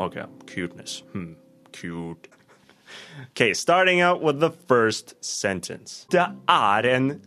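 A man's voice: medium pitch, a bit bright. A young man with a Swedish accent, vlogging casually and laughing at his own slips as he tries tongue twisters. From Sweden.

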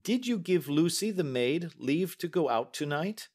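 A man voicing an anxious young woman, a dutiful daughter who speaks gently and with concern. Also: a little high, animated, unhurried, no room sound, clean studio sound, pitched above the performer's own voice.

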